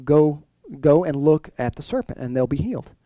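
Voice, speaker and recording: Man preaching a conversational sermon, mellow voice. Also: on the high side, lively intonation, normal speed, no echo, highs cut off. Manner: conversational preaching with many restarts and rhetorical questions. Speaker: pastor.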